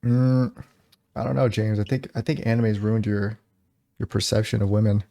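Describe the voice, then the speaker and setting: A man's voice: lowish voice, fairly even intonation, normal speed, creaky, dark tone. A young man co-hosting a podcast in casual chat, teasing and joking dryly. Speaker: podcast co-host.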